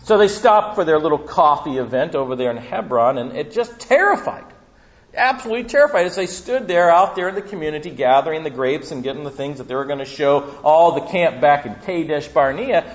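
A man preaching a sermon as pastor, telling the story with animated humor. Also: on the high side, a little fast. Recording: dull lo-fi recording.

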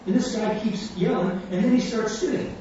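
A man's voice: high voice, moderate pace, warm tone. A man preaching a sermon, telling a story with animation and acting out the voices of the people in it. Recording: echoey hall, distant mic, dull sound, faint room hum.

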